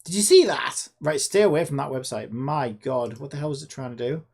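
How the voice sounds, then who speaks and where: A man talks sarcastically to himself while building a game in a casual screen-recorded dev vlog, rambling as he works. His medium-pitched voice is brisk and creaky, with a slightly mellow quality.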